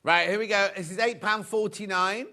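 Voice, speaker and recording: A man's voice: sits high, steady tone, normal speed, bright, forceful tone. A man presenting fabrics on a live TV shopping show, chatty and rambling, full of anecdotes.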